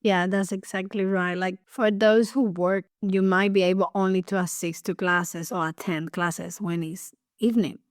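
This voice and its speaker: A woman with a Cuban accent, a ballet teacher co-hosting a casual podcast chat, animated and laughing often. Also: mid-range voice, moderate pace, hardly any pauses, dry recording, clean studio sound.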